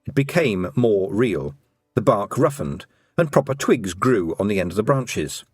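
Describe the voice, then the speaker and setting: A man narrating an audiobook in an expressive storytelling manner. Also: lowish voice, unhurried, husky, no echo, studio quality, soft background music.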